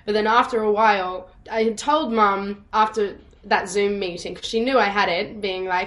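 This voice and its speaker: A woman's voice: mid-range voice, fairly even intonation, moderate pace, hardly any pauses, fairly bright tone. A young woman, chatting bubbly as a guest over a video call, laughing often. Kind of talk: casual interview chat.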